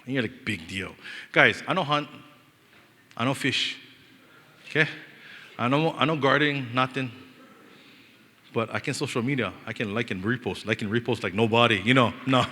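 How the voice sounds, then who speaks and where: Bright-voiced pastor with a Hawaiian Pidgin lilt. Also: male voice, mid-range voice, moderate pace, long pauses, slight background noise. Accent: Hawaiian Pidgin-inflected English. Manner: animated, joking, acts out quoted voices. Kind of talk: storytelling sermon. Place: church hall. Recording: long reverb of a church hall.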